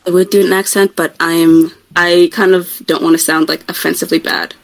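A woman's voice: on the low side, flat delivery, gravelly, poor audio. A woman co-hosting a podcast, talking casually about a book, hedging and restarting her sentences. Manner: rapid, hedging, with many "like"s and restarts. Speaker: podcast co-host. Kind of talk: casual book-club chat.

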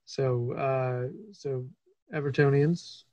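Excitable male podcast host, dry sound. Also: medium pitch, takes it slowly, no echo, muffled recording. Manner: enthusiastic, stammering restarts, laughs easily. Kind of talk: casual interview chat.

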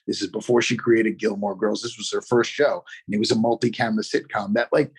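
A middle-aged man, an actor guest, telling a story in a casual, animated way, full of "you know" fillers. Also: on the low side, brisk, slightly rough.

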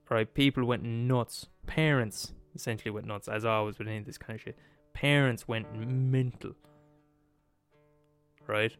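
A man telling a film story in a casual, animated monologue, swearing freely and digressing. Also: medium pitch, smooth.

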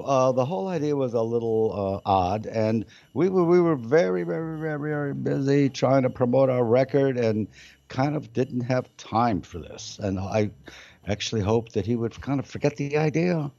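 An older man as a musician guest, telling a long, rambling story with many halting fillers. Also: mid-range voice, mellow, no echo. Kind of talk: casual storytelling interview. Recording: dull, muffled lo-fi sound.

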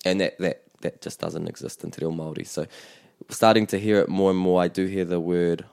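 Deep, mellow New man teaching. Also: steady tone, creaky, smooth, dry recording, studio quality. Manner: measured, explanatory, with restarts. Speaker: te reo Māori teacher and podcast host. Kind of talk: bilingual language lesson chat.

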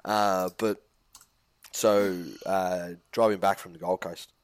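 A man's voice: deep voice, level tone, slow, clean tone, no room sound. A man co-hosting a podcast, talking in a laid-back, joking way and swearing casually. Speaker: podcast co-host.

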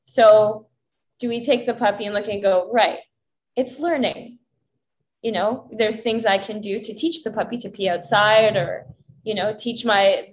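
A woman guest in a casual spiritual chat, earnest and preachy, acting out gentle inner dialogue. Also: mid-range voice, a little hiss or hum.

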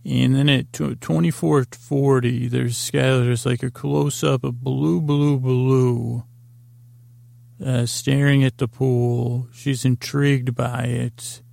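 A podcast host with a deeply gravelly, fry-heavy voice meanders through a scene-by-scene recap, stumbling over words and paraphrasing characters. His delivery stays level and flat, recorded close and dry. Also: takes it slowly, dry recording. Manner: meandering, full of fillers and restarts. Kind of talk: rambling episode recap for sleep.

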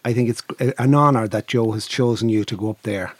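A man's voice: lowish voice, fairly even intonation, fairly quick, breathy edge, dry recording. A man in casual comedic chat, teasing his co-hosts.

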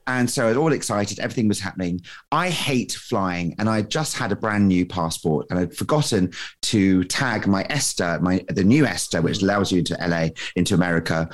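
A man, a podcast guest, telling a gossipy anecdote with excitement and acting out other people's lines. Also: sits low, fairly quick.

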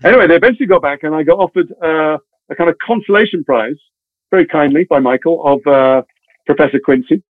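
A man tells his story at a rapid clip and jumps into lively quoted voices of the people in it. His voice is mid-pitched, and the sound is dry and narrow like a phone line, with no room around it. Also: no echo. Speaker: actor telling stories. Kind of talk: casual anecdote in a podcast interview. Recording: tinny phone-like audio.

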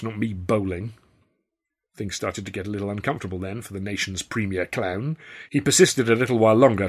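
A man's voice: lowish voice, fairly bright tone, husky. A man reading his own novel aloud in first person, with a dry, wry storytelling manner. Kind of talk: first-person audiobook narration.

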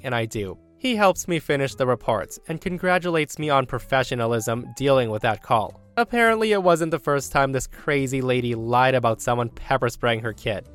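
A man reading a reddit story aloud in a brisk storytelling manner, with lively quoted voices. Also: on the high side. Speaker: story narrator.

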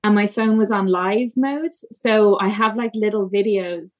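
Female guest, mid-pitch, halting emotional storytelling, lots of "like". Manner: emotional, halting, frequent fillers. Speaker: podcast guest. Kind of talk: personal storytelling in conversation.

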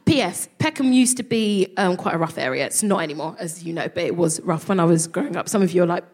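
A woman's voice: fairly low pitch, fast, hardly any pauses. A woman from London with a London accent, performing a stand-up comedy set and telling a story with lots of acted-out voices. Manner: animated storytelling, acts out quoted voices. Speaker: comedian co-host. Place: live theatre with audience.

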